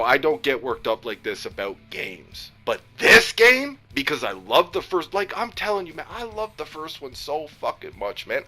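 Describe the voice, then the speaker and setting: A man ranting about a video game, heated and profane, swinging between loud outbursts and low muttering. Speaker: gaming YouTuber. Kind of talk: angry game rant.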